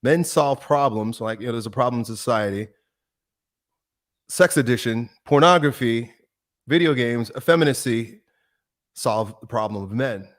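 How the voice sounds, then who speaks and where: Guest, man, middle pitch; earnest, preachy, leans hard into his big points. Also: lively intonation, normal speed, long pauses, a bit bright. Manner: emphatic, preachy, builds up to strong statements. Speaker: guest, fitness YouTuber. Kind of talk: earnest interview conversation.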